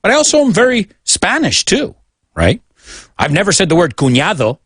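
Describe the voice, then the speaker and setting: An American man hosting a radio English lesson, chatty and playful as he hops between English and Spanish. His voice sits fairly high and swoops up and down a lot. He sounds close and dry on a studio mic. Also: wildly swooping pitch, normal speed, fairly bright tone, slightly rough, dry recording. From United States. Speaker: radio host teaching English.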